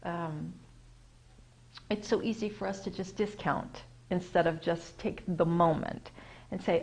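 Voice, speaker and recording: An American woman musing in a casual, rambling talk, with lots of fillers and self-corrections, who gets animated when she makes a point. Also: lowish voice, a little slow, breathy edge, poor audio. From United States. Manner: acts out quoted voices, gets animated when emphasizing. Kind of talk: casual spoken reflection.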